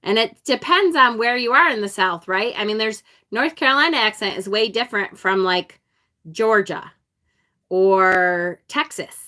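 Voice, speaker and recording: A woman with an upstate New York accent talks in a bright, clear voice while she unboxes a card deck on a live stream. She chats easily with her viewers and laughs often. Her pitch sits at an ordinary middle level. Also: unhurried. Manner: chatty, reads viewer comments aloud, laughs often. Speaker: tarot channel host.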